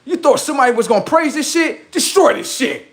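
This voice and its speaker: A man's voice: very high-pitched, animated, a little fast. A man hosting a livestream, delivering a boastful, heavily profane rant that taunts the people he is mocking. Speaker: livestream host.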